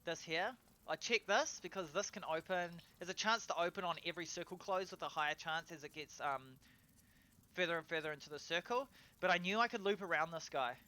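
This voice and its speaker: A man narrating his own gameplay in a casual voiceover, excitable and swearing, breaking into loud cheers over kills. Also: on the high side, fairly quick. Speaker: gameplay commentator.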